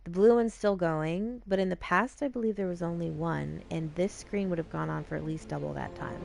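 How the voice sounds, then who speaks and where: A woman's voice: fairly low pitch, steady tone, fairly quick, creaky, a little mellow. A woman streamer chatting casually as she plays a video game, swearing freely and acting out what characters said. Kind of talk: casual gameplay commentary.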